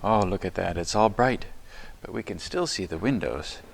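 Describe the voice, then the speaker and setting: A man serving as chaplain, talking gently and encouragingly to preschool children inside a church, using simple words. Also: low voice, expressive, normal speed, gravelly, slight background noise. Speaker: chaplain leading children's chapel.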